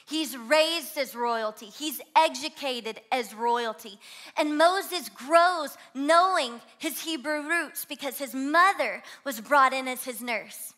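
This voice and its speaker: Bright-voiced woman preacher with a Louisiana twang. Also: high-pitched, slow. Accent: Southern US, Louisiana. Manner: energetic, exhorts the crowd to shout along. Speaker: guest pastor. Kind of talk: sermon. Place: church auditorium.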